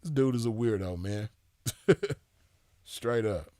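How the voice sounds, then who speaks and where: A man's voice: lowish voice, takes it slowly, mellow, no echo, clean studio sound. A man giving casual commentary in a loose, drawling way, with a scornful edge.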